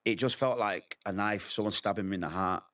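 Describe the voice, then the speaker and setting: A slightly bright, lowish male voice carries this middle-aged interview guest's account of his own trials, delivered a little fast. He stays candid and emotional, dramatizing what others said to him.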